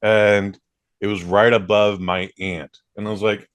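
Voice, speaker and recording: A man's voice: lowish voice, flat delivery, unhurried. A man hosting a podcast, talking in a laid-back way, full of "like" and "dude" and free with swearing. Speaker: podcast host. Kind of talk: casual chat.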